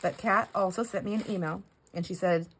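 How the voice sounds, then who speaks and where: Excitable middle-aged woman vlogger, casual rambling chat, squeaky gushing peaks. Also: fairly quick, breathy edge, low-quality recording. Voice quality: goes squeaky when excited. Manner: gushing, rambling with self-corrections. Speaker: craft vlogger. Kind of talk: casual chat while opening mail.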